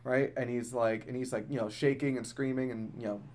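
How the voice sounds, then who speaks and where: A man's voice: medium pitch, steady tone, brisk, darkish tone. A man co-hosting a movie podcast, casual chat full of fillers, restarts and asides. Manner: rambling storyteller, many fillers and restarts. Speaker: podcast co-host; works with kids at a dental office.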